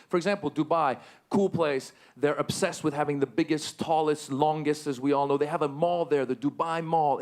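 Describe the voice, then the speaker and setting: A man of Middle Eastern origin performing a stand-up comedy set on a live stage, animated and jumping to excited squeals on punchlines. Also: fairly high pitch. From Middle East.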